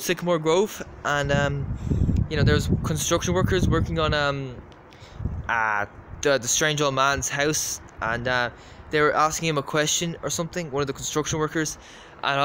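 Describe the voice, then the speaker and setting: An Irish man spins a casual, rambling story, circling back on himself and leaning on fillers. His voice sits a bit high for a man, with faint background noise behind him. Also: brisk, a bit bright. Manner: rambling, repetitive, many fillers. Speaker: vlogger.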